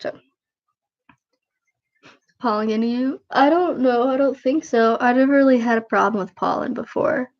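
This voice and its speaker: Sniffly, tired young woman with a gravelly voice. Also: normal speed, pauses often, highs cut off. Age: 20s. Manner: low-key, rambling, self-deprecating. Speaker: livestreamer. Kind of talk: casual livestream chat.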